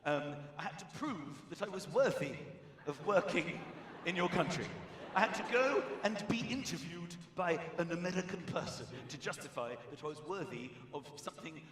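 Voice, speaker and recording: A stand-up comic tells his story in an animated, excitable way, his voice sitting high. He speaks into a handheld mic on a large theater stage. A long hall reverb follows him, and audience noise fills the room. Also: moderate pace, hardly any pauses, recorded from a distance. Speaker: stand-up comedian. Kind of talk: stand-up comedy routine.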